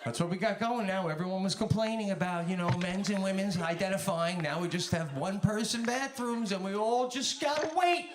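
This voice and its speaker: A man's voice: high voice, a little fast, few pauses. A man doing a stand-up comedy routine, telling stories with animation and acting out the people he quotes. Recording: roomy sound under loud game noise.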